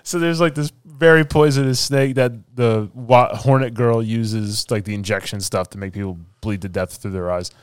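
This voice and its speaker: A man's voice: medium pitch, steady tone, normal speed, few pauses, smooth. Laughing man in casual movie chat. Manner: laughs often, acts out movie moments in voices. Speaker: podcast co-host.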